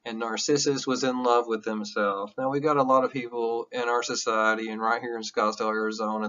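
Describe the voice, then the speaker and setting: A man teaching a college psychology class, lecturing in an animated, candid way with jokey asides and some swearing. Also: medium pitch, highs cut off.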